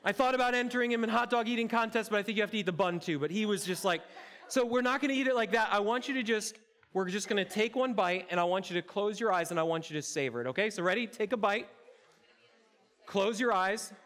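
A high-pitched male pastor delivers his sermon in a church auditorium. He's playful and interactive, talking straight to the people in the seats. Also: quick pace, a bit bright. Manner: playful, interactive, addresses congregation directly. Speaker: campus pastor.

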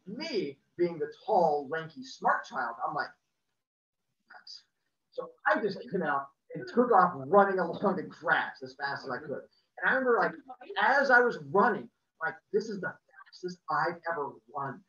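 A man casually telling a personal story, acting out the people in it with lively energy. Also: fairly high pitch, moderate pace. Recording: roomy, distant, muffled video-call audio.

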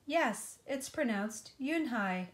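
A woman voicing a shy young Korean schoolgirl, soft and earnest, in a storybook reading. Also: fairly high pitch, animated, slow, voice pushed up.

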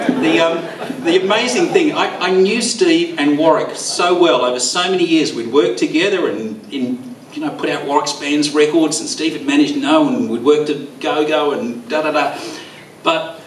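A man speaks at a memorial, rambling and halting, his voice quavering as he holds back tears. His voice sits a little high. He is picked up from a distance in a roomy, echoing club hall with faint room noise. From Australia. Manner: rambling, halting, with many fillers. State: teary, voice quavering. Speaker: eulogy speaker. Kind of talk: memorial speech. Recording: echoey room, far from mic.

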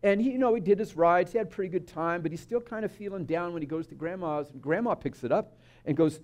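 A man's voice: sits high, fairly quick, a little mellow. A man preaching a sermon at a church service, speaking conversationally, telling stories and asking the audience asides. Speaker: speaker at a spiritual community service.

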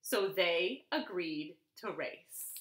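Librarian lady doing storytime, slow and super expressive, echoey living room. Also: on the low side. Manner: expressive, lively storybook reading. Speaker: children's librarian. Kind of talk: storytime read-aloud.

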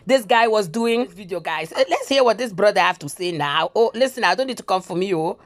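A woman's voice: mid-range voice, lively intonation, brisk, faint music behind. A woman reporting on YouTube drama in a chatty, playful, exclamatory manner. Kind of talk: drama commentary vlog.

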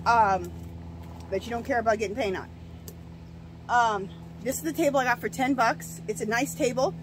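A woman's voice: fairly high pitch, a little hiss or hum, rough recording. A middle-aged woman with the hiccups, chatting casually and rambling through a do-it-yourself garden tutorial outdoors, with the camera set down some way off. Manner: chatty, rambling, many restarts and asides. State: hiccups and coughing. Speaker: garden vlogger. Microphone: camera set down at a distance.

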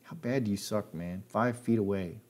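Guy reading out a mean threatening dad, gruff, kinda low. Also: moderate pace, a little mellow, close to an everyday voice. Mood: scornful. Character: menacing adult male abuser, the boy's father.

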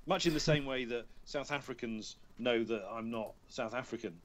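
A man's voice: mid-range voice, quick pace, hardly any pauses, dull audio. A man, a voice actor guest chatting on a podcast and telling amused stories about his work. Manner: chatty, self-amused storyteller. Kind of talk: casual podcast chat. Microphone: remote call.

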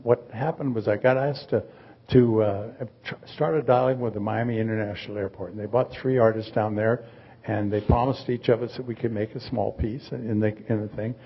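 Older male artist in his 80s, raspy, rambling, dry humor, muffled event audio. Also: fairly low pitch, fairly even intonation, brisk. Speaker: artist, guest. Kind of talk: live onstage conversation.

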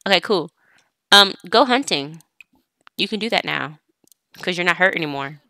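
Bright-voiced chatty woman gamer. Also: fairly low pitch, lively intonation, normal speed, no room sound. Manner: chatty, talks directly to her game characters. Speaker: let's play gamer. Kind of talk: casual gameplay commentary.

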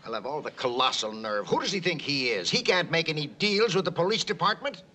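An actor playing a pompous, indignant city mayor in a 1960s film comedy. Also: male voice, on the high side, animated, brisk, sharp tone.

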